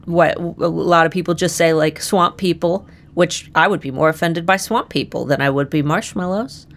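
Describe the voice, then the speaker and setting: A young woman with a Midwestern American accent, co-hosting a podcast in relaxed, chatty talk. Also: lowish voice, moderate pace. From United States. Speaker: podcast co-host. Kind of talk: casual chat.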